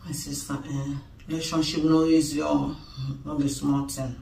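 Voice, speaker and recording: A woman's voice: deep voice, level tone, moderate pace, vocal fry, mellow, a little hiss or hum. A woman with a Nigerian accent, talking emphatically and pleadingly in a comic skit dialogue. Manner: emphatic, pleading, mixes pidgin. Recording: roomy, distant mic, faint ambience.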